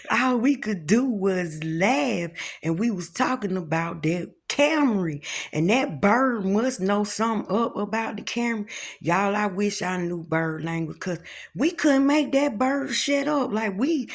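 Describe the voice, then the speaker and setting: A woman's voice: mid-range voice, animated, a little slow. A woman vlogging in a chatty, folksy way, talking straight to her viewers about faith and everyday life. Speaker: spiritual vlogger. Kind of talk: casual talk to camera.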